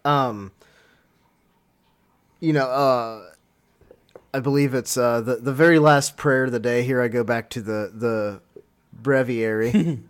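A man's voice: medium pitch, steady tone, takes it slowly, long pauses. A man in casual religious discussion, reflective and searching for words.

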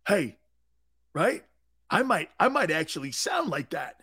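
High-voiced, animated sports radio host. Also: male voice, a little slow, breathy edge. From United States. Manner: animated, acts out angry fans in bursts. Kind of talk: loud comic sports talk rant.

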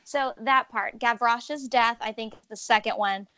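A woman's voice: on the high side, fairly even intonation, normal speed, pushed and bright, no room sound, dull audio. A woman co-hosting a casual movie podcast, chatty and blunt, laughing often as she talks. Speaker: podcast co-host.

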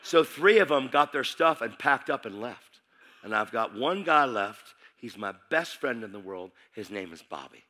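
Bright voiced guy preaching, tells his story super animated, goes quiet then loud. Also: mid-range voice, normal speed. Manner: animated, emphatic, acts out voices, swings from hushed to shouting. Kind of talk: sermon testimony storytelling.

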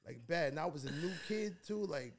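A man's voice: on the high side, animated, fairly quick, a crowd in the background. A middle-aged man from New York, a podcast guest telling rambling stories in a laid-back way with lots of restarts. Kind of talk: casual storytelling in a podcast interview.

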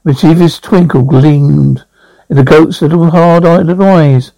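A man's voice: fairly high pitch, fairly even intonation, normal speed, creaky, mellow, dry recording, poor audio. A man reading a novel aloud as an audiobook narrator, with frequent stumbles and restarts.

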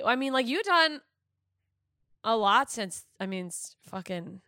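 A woman's voice: on the high side, lively intonation, a little slow, sharp tone, dry recording, studio quality. A woman hosting a casual chat who reacts playfully and laughs often.

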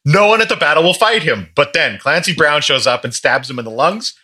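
A man hosting a casual podcast chat, recapping a movie with wry, lively humor and frequent swearing. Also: fairly high pitch, fairly quick, husky.

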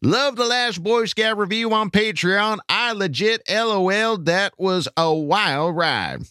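A chirpy, sing-song young woman reads a fan letter slowly and eagerly, as a man puts her on in a high voice. The voice stays bright and bouncy, recorded close and dry on a studio mic. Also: clean tone, dry recording. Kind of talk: reading a listener question in a put-on voice.

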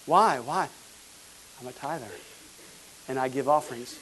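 A pastor from the United States, preaching a fervent sermon with emphatic repeated words. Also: male voice, mid-range voice, measured pace, long pauses, a bit bright, slightly rough, low-quality recording.

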